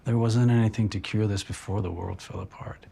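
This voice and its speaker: An actor playing an ailing older man in a TV drama, speaking quietly, tenderly and firmly. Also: fairly low pitch, steady tone, a little fast, gravelly, slight background noise. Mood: tender resolve. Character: aging man, gravely ill, calm and resolved. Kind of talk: TV drama dialogue.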